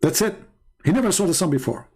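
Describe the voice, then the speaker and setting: A man's voice: sits high, expressive, fast talker, a little mellow, breathy edge. Sarcastic man hosting a heated debate. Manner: sarcastic, mocking, talks over the caller. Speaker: host. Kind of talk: argumentative call-in debate and commentary.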